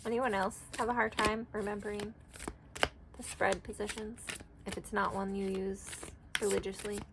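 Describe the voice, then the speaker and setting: A woman's voice: medium pitch, level tone, normal speed, noisy background. A woman vlogging an oracle card reading, chatty and rambling as she thinks aloud. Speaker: tarot and oracle card reader. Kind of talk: casual card-reading vlog.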